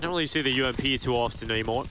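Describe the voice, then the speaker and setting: A man doing play-by-play commentary on an esports match, building to excited calls on big plays. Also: medium pitch, rapid-fire, background noise.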